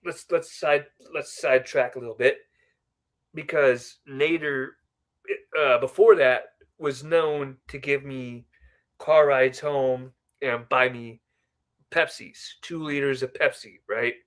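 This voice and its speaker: A man's voice: mid-range voice, steady tone, takes it slowly. A man, a podcast guest, telling a personal story in a casual, rambling way, often checking in with a "right?". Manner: often ends remarks with a questioning "right?"; chatty, rambling with asides.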